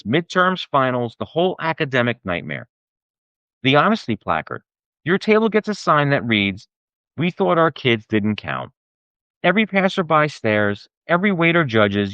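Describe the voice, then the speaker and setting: Male podcast host, sarcastic profane rant, slightly high pitch, dry close-miked sound. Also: a bit bright, dry recording, dull audio. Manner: exasperated, sarcastic and profane ranting. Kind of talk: comedic rant.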